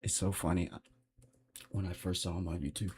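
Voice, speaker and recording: Blunt, low-voiced livestream host. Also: male voice, little pitch movement, a little fast, a little mellow. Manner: blunt, profane, rambling. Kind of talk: unscripted livestream commentary.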